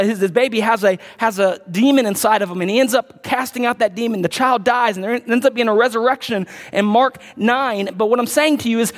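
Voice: mid-range voice, long reverb tail. A pastor preaching a sermon in a conversational way, reading scripture aloud and adding casual asides to the congregation.

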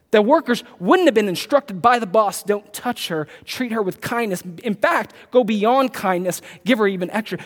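A man preaching a sermon, emphatic, repeating his key points and slowing down to read scripture aloud. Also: very high-pitched. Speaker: pastor. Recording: long hall reverb.

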